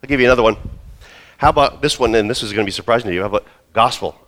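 A man in his role as pastor, preaching a sermon and telling a story with lively asides. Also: on the low side, racing. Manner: storytelling, acts out quoted voices.

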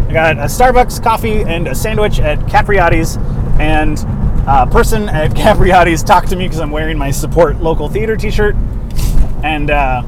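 A man's voice: sits high, noisy background. A man in his thirties, an acting teacher, talking casually and rambling on a solo podcast, tired and yawning. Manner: rambling, self-deprecating, demonstrates ad reads.

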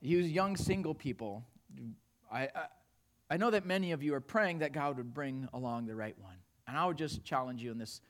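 A man preaching a sermon, telling stories with animated swings between hushed and loud delivery. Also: fairly high pitch, moderate pace. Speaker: pastor.

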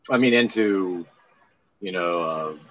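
Low-voiced man rambling on a muffled line. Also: a bit bright. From Maryland. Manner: rambling, halting, restarts often. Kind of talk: casual chat. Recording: muffled lo-fi sound.

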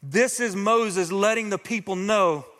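A male pastor preaching a sermon, talking straight to his congregation in a lively, engaging way. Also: high-pitched, measured pace, long reverb tail.

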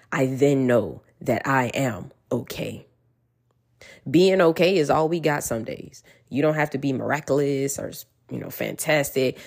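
A woman's voice: very deep voice, darkish tone. A woman giving an earnest, encouraging motivational talk straight to her listeners, repeating reassurances as she goes. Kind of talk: casual motivational monologue.

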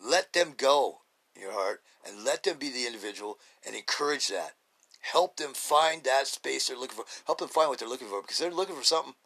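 Rambling man with a bright, forceful voice. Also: mid-range voice, lively intonation, a little fast, husky. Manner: rambling, blunt, with many fillers and restarts. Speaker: podcast host. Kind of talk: casual monologue.

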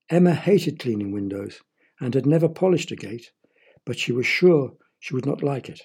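Man, storyteller, gentle narration, mellow, very clear voice. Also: medium pitch, animated, moderate pace. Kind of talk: children's story reading.

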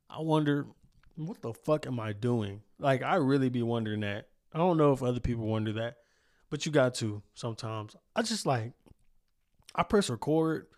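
A man's voice: mid-range voice, a little mellow. A young man hosting his own podcast from a home studio, rambling and swearing freely, laughing at himself. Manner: profane, rambling, self-mocking, laughs often. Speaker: podcast host. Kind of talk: casual solo podcast outro. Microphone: studio microphone.

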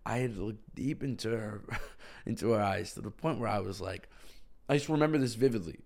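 A man's voice: on the low side, brisk, gravelly, a little mellow. A young man telling a personal story to camera in a casual, rambling way, full of "like". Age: young adult. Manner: rambling, heavy use of "like". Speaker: vlogger.

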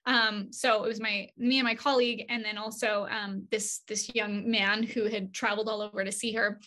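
A woman being interviewed, telling stories in a casual, animated way and acting out quoted dialogue. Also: medium pitch, normal speed. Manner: many fillers and restarts, chatty. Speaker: agency CEO, interview guest. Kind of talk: casual conversational storytelling.

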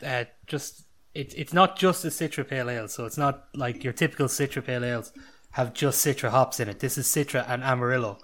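An Irish man on a beer podcast, calmly explaining the hops in a beer. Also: mid-range voice, brisk. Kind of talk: casual chat.

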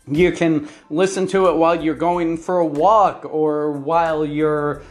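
Slow, earnest online English teacher. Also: mid-range voice, fairly even intonation, faint music behind. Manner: enthusiastic, repeats "right?" and lists points by number. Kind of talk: talking-head advice to learners.

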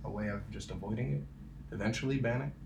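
A middle-aged man chatting casually and telling jokes and stories, animated and quick to laugh. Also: fairly low pitch, vocal fry, echoey room, noisy background. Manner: joking, storytelling, animated. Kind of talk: casual chat. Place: room in Montreal.

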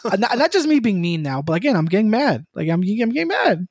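A man's voice: high-pitched, very animated, fast, husky, no echo, studio quality. Profane, rambling man on a podcast. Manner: profane, rambling, laughs often. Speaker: podcast co-host. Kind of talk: casual podcast chat.

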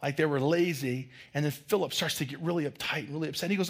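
A man's voice: fairly high pitch, fast, gravelly, few pauses, husky. A man preaching a sermon as pastor, telling a story and acting out the voices of children and a teacher.

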